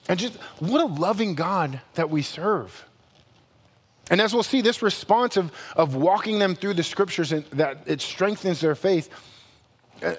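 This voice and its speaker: A man preaching a sermon with a notably high voice for a man, and his words ring out with a long reverb, as if filling a church hall. He keeps it conversational and animated, slipping in playful asides and correcting himself with humor. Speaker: pastor.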